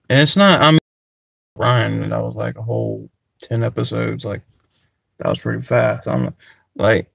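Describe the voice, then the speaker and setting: A man's voice: mid-range voice, creaky, no room sound, studio quality. A man giving a casual, rambling review of a TV show, full of "like" fillers.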